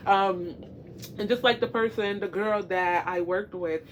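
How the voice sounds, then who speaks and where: A woman's voice: mid-range voice, a little slow, a little hiss or hum. A woman talking casually to the camera as a tarot-reading vlogger, encouraging and repetitive, with many fillers.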